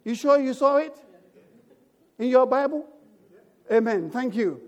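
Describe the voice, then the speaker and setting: A man's voice: very high-pitched, lively intonation, unhurried, long pauses. A man preaching a sermon as pastor, emphatic and calling out for amens from the congregation. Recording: echoey church hall.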